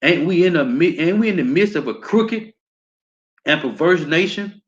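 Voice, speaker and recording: A man with an American accent teaching scripture, reading verses slowly and often ending with "man.". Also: a little high, animated. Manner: reads verses slowly, repeats "man" as a tag. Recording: dull lo-fi sound.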